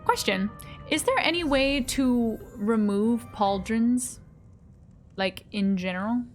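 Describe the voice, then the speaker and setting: An American woman streaming a game, chatting casually and excitably with viewers and laughing often. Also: fairly high pitch, slow pace. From United States. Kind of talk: casual live-stream chat while gaming. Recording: game music behind the voice.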